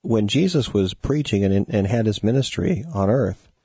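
A man co-hosting a casual scripture talk, agreeing often and explaining points calmly. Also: lowish voice, normal speed, slightly rough, no echo. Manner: agreeable, frequent short affirmations. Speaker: co-host. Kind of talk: casual Bible discussion.

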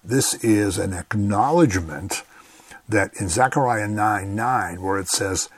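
A man with a very low, husky voice teaches scripture on a radio program. He talks in an earnest, conversational way and often says "you know". His voice is recorded close and dry. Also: a little slow, no echo.

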